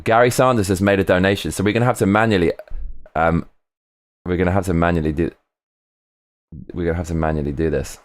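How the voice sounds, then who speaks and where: A man casually chatting on a live stream, reading out viewer comments, excitable and swearing often, repeating himself. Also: deep voice, fast, pauses often.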